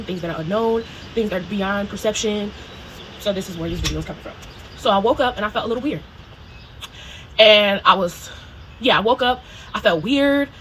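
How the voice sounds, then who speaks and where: A woman talks quickly through a personal story for her video diary, chatty and animated. She swears freely and keeps checking in with "okay?" and "you know?" A faint room ambience sits behind her voice. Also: medium pitch, a little hiss or hum, low-quality recording. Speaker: spiritual video diarist.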